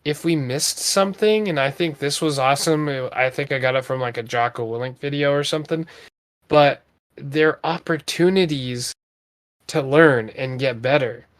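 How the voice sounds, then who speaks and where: A man's voice: fairly high pitch, normal speed. Earnest rambling male podcast host. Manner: earnest, rambling, with lots of fillers. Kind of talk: casual motivational talk.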